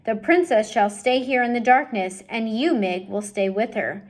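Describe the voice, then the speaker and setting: A woman's voice: a little high, moderate pace, natural voice. A woman reading aloud and voicing a bitter, scheming male rat who speaks haughtily. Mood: commanding. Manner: haughty, commanding.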